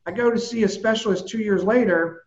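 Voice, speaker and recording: A man's voice: sits high, fairly quick, reverberant, highs cut off. A man, a personal trainer, animatedly recounting a personal story in casual talk and swearing now and then. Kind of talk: casual storytelling in a podcast chat.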